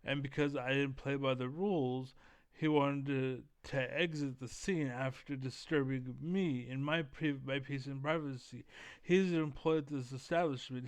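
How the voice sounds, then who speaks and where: The recording has no room sound and captures a man's clean, mid-range voice as he reacts to a video. His commentary is heated, blunt, and profane, delivered in a keyed-up, energetic way with lots of "basically."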